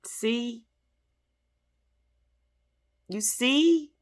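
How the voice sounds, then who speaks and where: A woman's voice: a little high, extremely slow. A woman talking heartfelt and intimately to her viewers about faith and spirit, earnest and emotional. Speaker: spiritual vlogger.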